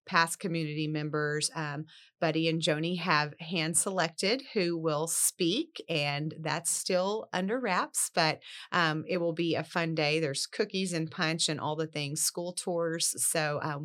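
A woman's voice: deep voice, fairly bright tone. A woman, an elementary school principal, explaining plans steadily in a casual interview.

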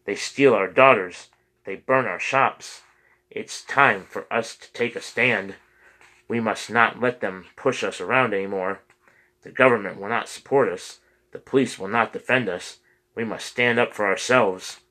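A man's voice: on the low side, measured pace, pushed and bright, low-quality recording. A man reading the lines of an angry, defiant parish council member. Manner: defiant, indignant. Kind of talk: audiobook character reading.

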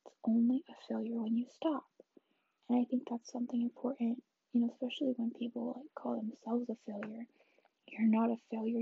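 A young woman in a whispered ASMR chat, talking softly and rambling in a reassuring way, close to the mic in a dull lo-fi recording. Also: fairly high pitch, creaky, husky, dry recording. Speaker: vlogger.

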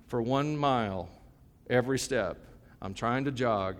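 A man's voice: mid-range voice, a little slow. A man in his fifties, a pastor preaching a sermon in a conversational, joking and emphatic way. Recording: long hall reverb.

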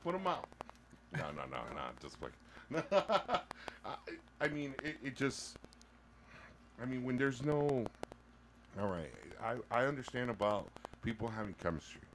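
A man co-hosting a casual podcast, playful and quick to laugh, stumbling and restarting as he talks, switching into now and then. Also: medium pitch, sing-song, fairly bright tone, slight background noise. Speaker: podcast co-host. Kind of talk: casual banter.

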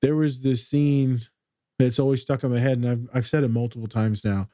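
A man's voice: medium pitch, fairly even intonation, normal speed, dark tone, no echo. A man talking in a casual podcast chat as a therapist, blunt and streetwise, swearing freely.

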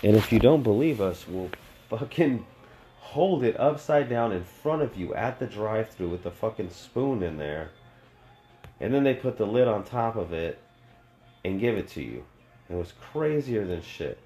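A man with a low voice that swings widely as he talks hosts a podcast. His stories are rambling and profanity-laced, and he drifts from tangent to tangent with animated energy. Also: normal speed. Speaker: podcast host. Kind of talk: rambling casual storytelling.

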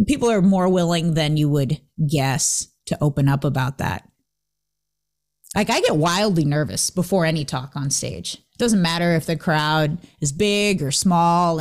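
Lively woman chatting casually. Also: on the low side. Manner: lively, laughs often, acts out quoted remarks. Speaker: host. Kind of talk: casual motivational chat.

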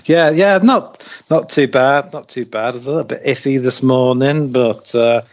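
A man's voice: medium pitch, moderate pace, lo-fi sound. A man from Britain co-hosting a podcast in laid-back casual chat, laughing a lot and using British slang. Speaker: podcast co-host.

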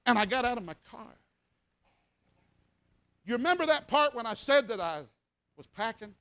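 Bright-voiced preacher telling a story. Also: male voice, very high-pitched, moderate pace, vocal fry, clean tone. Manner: animated, folksy, acts out sounds and voices. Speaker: revival preacher. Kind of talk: sermon storytelling.

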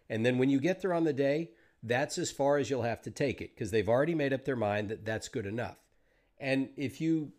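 A man hosting a podcast interview, talking through his ideas thoughtfully and at length. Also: medium pitch. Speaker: podcast host. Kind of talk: casual interview chat.

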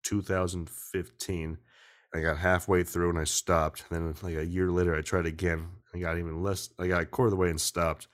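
A man's voice: low voice, flat delivery, fairly quick. A man hosting a podcast over a video call, rambling casually, swearing often and cutting himself off mid-sentence. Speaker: podcast host.

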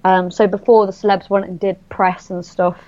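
A woman chatting excitedly on a podcast, full of fillers and restarts. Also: medium pitch, moderate pace, highs cut off. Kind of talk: casual podcast chat.

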